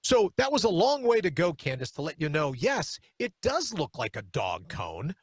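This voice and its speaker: A man's voice: fairly high pitch, huge pitch swings, normal speed, husky, no room sound. A man hosting a talk show, telling rambling sarcastic stories and reading out viewer comments. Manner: sarcastic, rambling storyteller who reads viewer comments aloud. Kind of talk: animated political talk show monologue.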